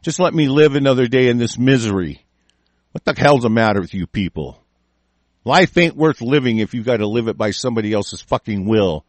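Here the host of an online political show swears and fumes, circling back over the same points and starting sentences again. His voice is medium in pitch, expressive and brisk, recorded without echo.

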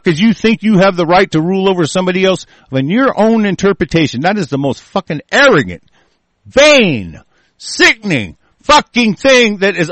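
A man with a high-pitched voice rants in an angry monologue, swearing constantly and challenging his listener. The sound is dry and close, with no room around it. His tone stays combative and relentless throughout. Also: fairly bright tone, no room sound. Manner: profane, combative, ranting.

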